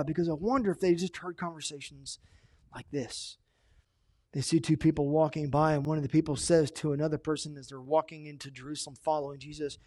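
A man preaching a sermon as pastor, animated, swinging between loud emphatic lines and quiet asides. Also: fairly high pitch, dry recording, clean studio sound.

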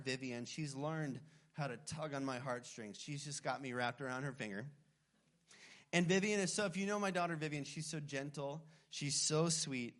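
Pastor guy preaching, kinda high voice for a man, earnest, leans hard on key words. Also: a bit bright. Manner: earnest, emphatic preaching with pitch swells and slow stressed phrases. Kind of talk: sermon.

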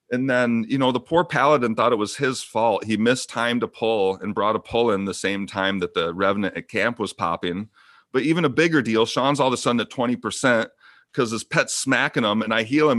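A man's voice: mid-range voice, fairly quick, a bit bright, dry recording, studio quality. A man co-hosting a podcast, telling a rambling story in casual chat, getting worked up and swearing often. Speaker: podcast co-host.

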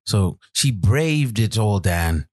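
A man's voice: on the low side, lively intonation, slow, a little mellow, no room sound, clean studio sound. A man co-hosting a podcast in casual chat, teasing his co-host and stammering at starts.

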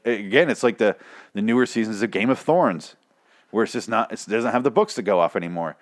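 Hoarse, profane man ranting. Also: on the low side. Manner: profane, rambling, exasperated. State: hoarse, voice nearly shot. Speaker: podcast host. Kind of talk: casual rant about a TV show.

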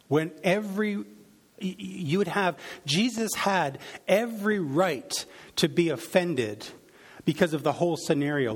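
A man preaching, reading a Bible passage aloud and reflecting on it, with frequent fillers and restarts. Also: on the high side. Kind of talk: sermon reading and teaching from scripture.

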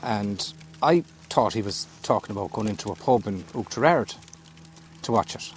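A man's voice: lowish voice, lively intonation, moderate pace, a little hiss or hum. A man, a fishing guide, telling a rambling, easygoing story. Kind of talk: casual storytelling.

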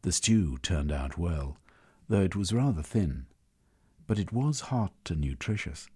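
A middle-aged man reading an audiobook in a husky voice, with expressive storytelling. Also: sits low, a little slow. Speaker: audiobook narrator. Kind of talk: scripted narration.

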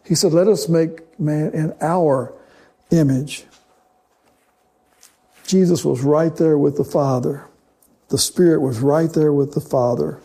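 A male preacher delivering a sermon, measured and emphatic, slowing into dramatic pauses on key phrases. His voice sits a touch high for a man, with a mellow, warm color and a slightly husky edge.

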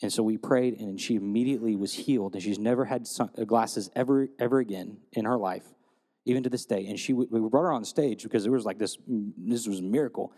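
A man preaching a sermon, telling stories and retelling scripture in a lively storytelling way. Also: fairly low pitch, fairly quick, big-room sound. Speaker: pastor.

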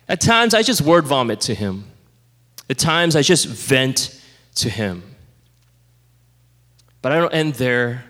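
A man preaching a sermon as pastor, conversational and animated, sometimes dropping to a hush. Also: medium pitch. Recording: reverberant hall.

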